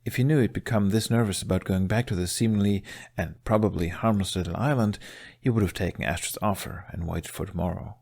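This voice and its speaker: A man reading a fan story aloud in a steady, soft-spoken narration. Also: low voice, creaky. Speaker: fanfiction reader. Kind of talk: audiobook narration.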